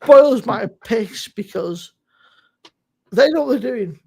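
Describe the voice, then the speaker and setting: A woman's voice: fairly high pitch, animated, takes it slowly, gravelly, dark tone, husky. A woman telling a blunt, swear-filled story in casual chat, laughing often. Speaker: guest on a beer live stream. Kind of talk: casual chat on a live stream.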